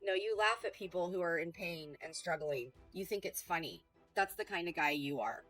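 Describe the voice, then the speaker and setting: A woman's voice: fairly low pitch, normal speed, a bit bright, dry recording, faint music behind, rough recording. A woman hosting a heated reaction stream, talking back in a combative, sarcastic and profane way.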